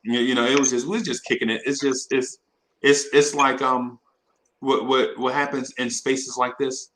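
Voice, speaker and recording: A man's voice: medium pitch, little pitch movement, moderate pace, a bit bright, poor audio. A man in his fifties telling rambling stories in a casual chat, repeating words and laughing as he goes. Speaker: regular in a live audio chat room.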